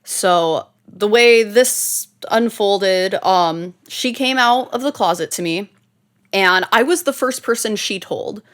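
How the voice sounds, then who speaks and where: A woman's voice: medium pitch, slow, a bit bright. A woman co-hosting a podcast, telling her story in casual chat, laughing often and swearing. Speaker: podcast co-host.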